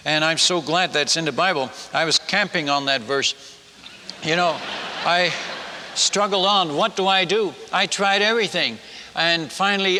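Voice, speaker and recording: An older man from the Netherlands, a missionary telling a humorous sermon story, animated and acting out the people in it. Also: a little high, a little hiss or hum. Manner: animated, acts out villagers and his wife in quotes. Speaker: missionary speaker. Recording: long hall reverb.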